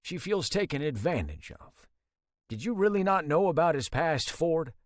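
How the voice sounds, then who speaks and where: A man's voice: on the high side, big pitch swings, normal speed, dry recording, studio quality, pitched above the performer's own voice. A man doing a concerned rancher dad. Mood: probing. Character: concerned older rancher father.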